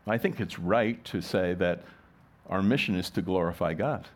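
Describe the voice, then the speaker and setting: A middle-aged pastor preaching a sermon, his voice sitting a little low. He talks to the congregation the way he would in conversation, asking questions, restarting his sentences and circling back to his point. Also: normal speed.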